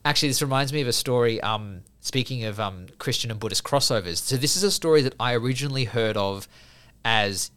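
A man's voice: medium pitch, fairly quick, fairly bright tone, clean tone. Man telling a story, stumbling and restarting. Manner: storytelling, hesitant restarts and many fillers. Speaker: podcast guest speaking from a Buddhist view. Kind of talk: casual conversation.

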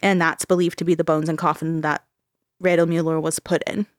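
A woman's voice: low voice, little pitch movement, fairly quick, dry recording, studio quality. A woman from Ontario hosting a casual podcast, telling a ghost story with frequent laughs and swearing. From Ontario, Canada. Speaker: podcast host.

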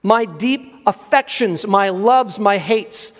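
A man preaching a sermon, earnest and emphatic, slowing down to stress key words. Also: high voice, expressive, big-room sound. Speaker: pastor.

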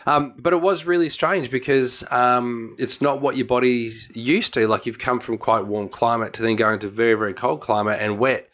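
A man's voice: mid-range voice, steady tone, normal speed, hardly any pauses, a bit bright. A man with an Australian accent, co-hosting a casual chat and telling a long travel story with lots of restarts and laughter. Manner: rambling storyteller, many restarts, laughs often.

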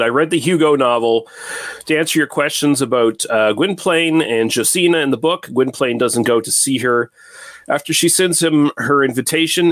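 A man hosting a casual film podcast, talking in a relaxed, rambling way with fillers and quick asides. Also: medium pitch, no room sound. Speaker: podcast host.

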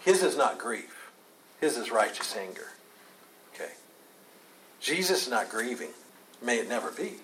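Male Bible study teacher, emphatic, mid-pitched, light noise behind. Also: big pitch swings, unhurried, pauses often, fairly bright tone, rough recording. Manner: earnest, emphatic, takes questions.

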